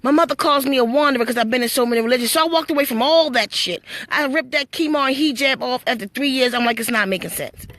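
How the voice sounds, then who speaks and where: A woman's voice: high-pitched, quick pace, few pauses, a bit bright, dry recording. A woman telling her spiritual story to live-stream viewers, blunt and full of swearing, preachy and storytelling. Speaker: livestream host.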